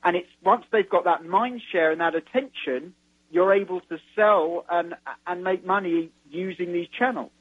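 A man's voice: high voice, breathy edge. A man, a guest author, explaining his views on marketing in an interview, restarting his sentences as he goes. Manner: measured, explanatory, repeats words as he starts. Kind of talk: interview over the phone. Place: London. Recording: tinny phone line.

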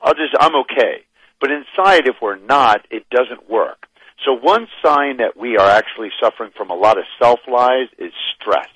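A man talking as a guest expert in a radio interview, explaining with animated emphasis. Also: medium pitch, normal speed, husky, no room sound, low-quality recording.

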